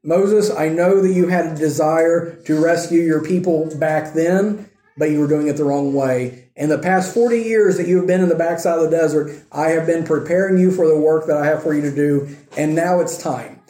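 Preacher speaking as God: measured, reassuring, mellow, a little high, echoey hall. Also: male voice, lightly acted. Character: God, a calm commanding male voice calling a reluctant man. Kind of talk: sermon retelling with acted quotes.

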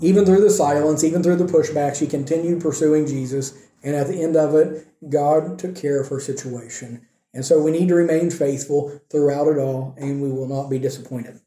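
In a church sanctuary, a man with a slightly high, warm voice preaches a conversational sermon at a moderate pace, reading scripture and checking in with the congregation as he goes. The recording has an echoey room sound.

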